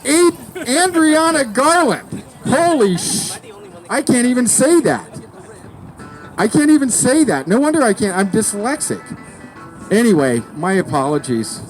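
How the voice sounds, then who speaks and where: Soft music plays behind a man whose high, sing-song voice moves a little slowly and has a darkish tone. Hosting a comedy show outdoors under a tree in a city park, he rambles and jokes through the comedian introductions, stumbling over names.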